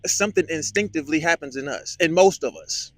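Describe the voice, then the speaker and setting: A man vlogging a reflective monologue, musing and halting, often repeating words with many fillers. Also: on the high side, dry recording.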